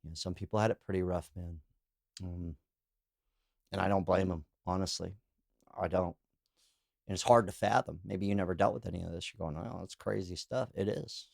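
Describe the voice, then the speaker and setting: Fairly quick but with long pauses, this man's creaky, low voice keeps a fairly even intonation. Hosting a podcast solo, he reacts to comments read out loud, rambling candidly with "you know" and "like," laughing over anecdotes and calling himself too old. The clean studio sound has no echo.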